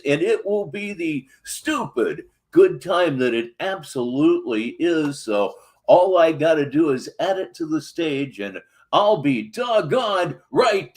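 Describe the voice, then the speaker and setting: A man hosting his own commentary show, introducing clips with a sardonic, showman-like delivery. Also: fairly high pitch. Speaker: host.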